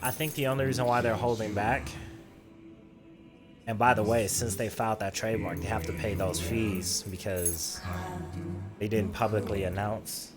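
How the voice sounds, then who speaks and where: A man's voice: lowish voice, fairly even intonation, normal speed. A man streaming a game, chatting casually and thinking aloud with lots of hedging. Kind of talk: casual gaming commentary. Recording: voice over loud game music. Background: loud game music.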